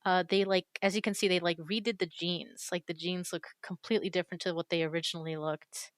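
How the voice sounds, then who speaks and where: Woman, casual screen-recording commentary, chatty, self-correcting, crisp tone. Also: fairly low pitch, steady tone, fast talker, no echo. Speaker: YouTuber reviewing a game character creator.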